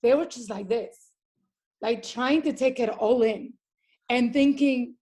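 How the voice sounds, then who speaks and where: A woman's voice: a little high, a little slow, dark tone. A woman team coach giving an earnest, urging motivational talk on a group call.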